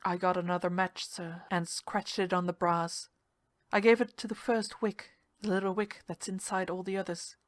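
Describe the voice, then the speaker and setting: A woman narrating a ghost story in a measured, hushed storytelling manner. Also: on the low side, flat delivery, no room sound. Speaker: story reader.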